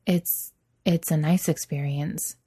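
A woman's voice: sits low, steady tone, takes it slowly, husky, exaggerated voice. A woman voicing a shy, earnest young man who speaks sheepishly. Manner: sheepish, quiet.

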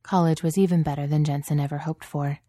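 A woman reading a story aloud in calm, even narration. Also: deep voice, quick pace, dry recording, studio quality. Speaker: audiobook reader.

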